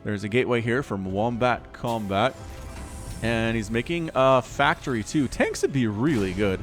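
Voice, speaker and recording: An American man giving excitable, chatty solo commentary on a strategy game, often talking straight to the players. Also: mid-range voice, moderate pace, faint music behind. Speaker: esports caster.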